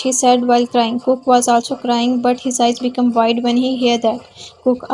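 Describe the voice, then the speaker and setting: A woman reading a romantic fan fiction story aloud, with halting restarts and slips in her phrasing. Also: on the high side, completely flat delivery, dark tone, a little hiss or hum, poor audio.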